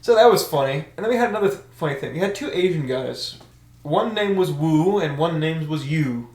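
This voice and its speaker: A young man on a podcast telling stories in casual chat, animated and laughing often, acting out shouted orders. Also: fairly high pitch, brisk. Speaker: podcast co-host. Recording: echoey room.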